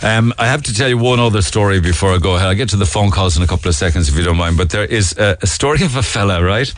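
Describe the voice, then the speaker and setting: A man's voice: fairly low pitch, fast talker, faint music behind. A middle-aged Irish man hosting a radio talk show, running through the day's stories in a chatty way with fillers and asides. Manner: chatty, with fillers and asides, voice leaping up when indignant. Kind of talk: casual talk radio monologue.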